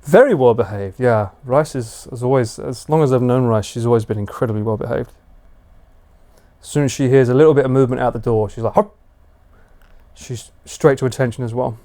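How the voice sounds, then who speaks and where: Late at night, a man streams live from home and chats casually, slipping into high, sing-song baby talk for a dog. His pace is brisk and his tone warm.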